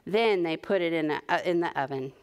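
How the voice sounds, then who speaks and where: A young adult woman leading a preschool story time, talking to small children in an animated, encouraging sing-song. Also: fairly low pitch, a little fast, clear, resonant tone. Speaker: children's librarian.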